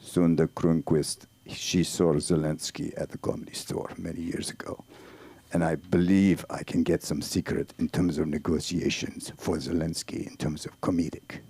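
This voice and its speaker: A man putting on a gravelly Russian ambassador. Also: extremely low pitch, flat delivery, normal speed, mellow, no echo, voice pushed down, heavily acted. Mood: stiffly formal. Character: pompous Russian male ambassador, stiff and formal. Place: small comedy club stage.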